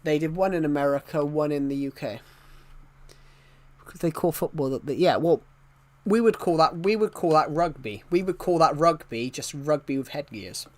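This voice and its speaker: A man's voice: fairly high pitch, normal speed. A young British man in his twenties, live-streaming a football video game and chatting loosely, often restarting sentences and chuckling. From United Kingdom. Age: 20s. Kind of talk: casual live-stream chat while playing a football game.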